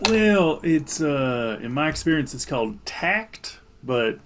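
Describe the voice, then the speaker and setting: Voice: mid-range voice, very animated, takes it slowly, background noise. A player making dry, sardonic remarks during a tabletop game. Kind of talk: casual tabletop role-play.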